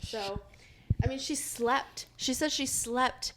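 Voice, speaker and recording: A woman's voice: high voice, slow pace, a bit bright. A woman co-hosting a podcast in casual chat, giggly and swearing freely. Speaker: podcast co-host.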